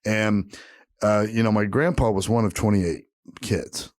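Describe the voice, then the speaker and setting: A man's voice: on the low side, measured pace, no room sound, studio quality. A man co-hosting a podcast, telling a long story in a casual, profane way and acting out the voices of the people in it. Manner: animated storyteller, acts out quoted voices; profane, laid-back. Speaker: podcast co-host.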